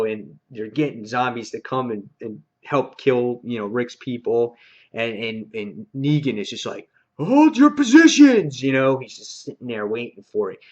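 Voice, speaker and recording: A man reviewing a comic book in a casual, rambling, excited way, full of fillers and quoted lines. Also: medium pitch. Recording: dull lo-fi recording.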